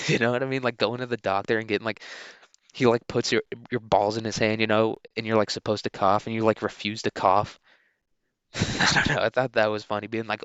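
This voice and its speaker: A young man hosting a solo podcast, rambling crudely and filling every pause with dude and like. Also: lowish voice, little pitch movement, a bit bright, clean tone, dry recording, lo-fi sound. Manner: rambling, crude, filler-heavy, keeps saying dude. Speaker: podcast host.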